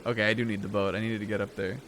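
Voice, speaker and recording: A young man casually commenting on a game he is streaming, rambling with lots of fillers and laughing asides, reacting excitedly to what happens on screen. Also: fairly low pitch, racing, background noise.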